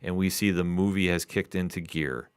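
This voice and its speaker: A man co-hosting a comic book review podcast, calmly recapping the story. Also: sits low, moderate pace, clean tone, dry recording, studio quality. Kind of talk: casual review chat.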